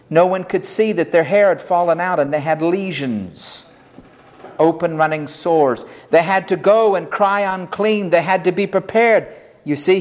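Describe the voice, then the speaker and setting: A man preaching an expository sermon with dramatic emphasis, acting out the pleas of the figures in the text. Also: high-pitched. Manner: dramatic, voices the leper's pleas.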